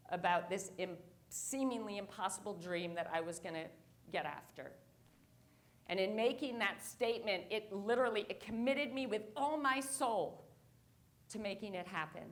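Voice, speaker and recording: Woman, motivational speaker, high voice, animated storytelling, on a conference stage. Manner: animated, lively storytelling with laughs. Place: conference stage before an audience.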